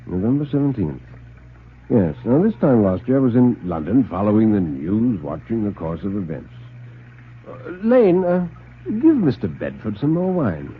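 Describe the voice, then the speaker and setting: A suave, scheming gentleman host, measured and composed, his voice rising and falling freely, as a man voices him. The sound is narrow and phone-like, with a faint hiss. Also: on the low side, big pitch swings. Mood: smooth. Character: cool, scheming older male host. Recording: tinny old radio broadcast.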